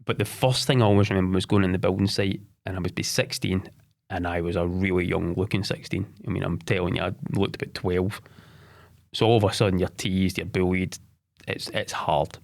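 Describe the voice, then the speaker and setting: A man in his forties telling his own story as a podcast guest, candid and halting, often repeating words and starting over. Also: sits low, fairly even intonation, vocal fry.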